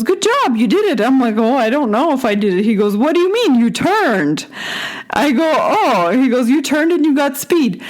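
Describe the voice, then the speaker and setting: A woman's voice: mid-range voice, a little mellow. A woman in her thirties from Russia, hosting a solo podcast and telling a personal story in a chatty, self-correcting way. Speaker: podcast host.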